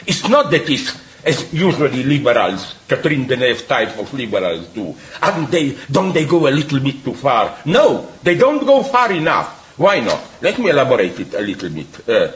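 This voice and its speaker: A man making an animated spoken argument, emphatic, with frequent apologetic asides, many hesitant pauses and laughs at his own points. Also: medium pitch, slight background noise, low-quality recording.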